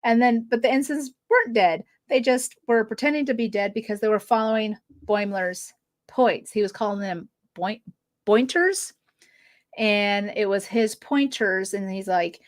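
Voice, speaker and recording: A woman hosting a fan podcast, casually reviewing episodes with a chatty, giggly manner and quick quoted asides. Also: mid-range voice, steady tone. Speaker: podcast host.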